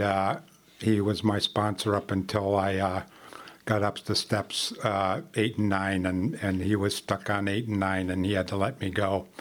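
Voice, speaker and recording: An older man giving a personal testimony at a recovery meeting, halting with frequent restarts and small laughs. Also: lowish voice. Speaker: member sharing at a recovery meeting.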